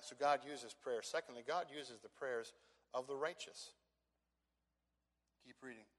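A man preaching an expository sermon, emphatic, repeating words and slowing down to stress key phrases. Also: medium pitch, fairly bright tone, in a large hall. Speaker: pastor.

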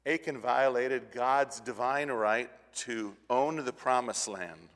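A man's voice: slow pace, fairly bright tone. Earnest man preaching in a reverberant hall. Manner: earnest preaching with repeated restarts, swelling then dropping low. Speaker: pastor. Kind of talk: sermon.

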